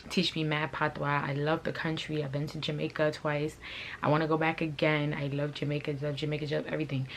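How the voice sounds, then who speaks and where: A woman's voice: deep voice, little pitch movement, brisk, a little hiss or hum. A woman vlogger and clothing brand owner telling a storytime to camera in a blunt, profane, fired-up way. She comes from a Haitian family.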